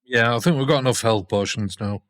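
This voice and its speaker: A man, a player in a tabletop game, talking through plans casually and haltingly. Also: medium pitch, fairly bright tone. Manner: casual, halting planning talk.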